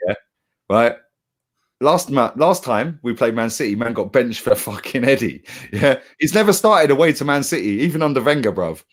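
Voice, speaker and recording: Young bloke, fired-up fan pundit, swearing freely, voice bouncing up and down. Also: male voice, mid-range voice, moderate pace. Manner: animated, heated, swears, slangy. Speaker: football fan channel co-host. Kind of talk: casual football chat.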